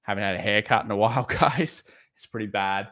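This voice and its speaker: Australian male streamer, low-ish voice, casual and blunt market talk. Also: brisk, fairly bright tone. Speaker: trading livestream host. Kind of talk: live market commentary reading chat.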